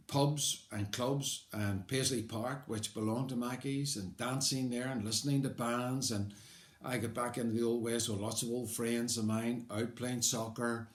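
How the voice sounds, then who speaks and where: An older man with a Belfast accent, telling his own life story in a conversational, wry way, rambling a little with fillers. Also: medium pitch. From Belfast, Northern Ireland. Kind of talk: personal life story told aloud. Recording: roomy echo.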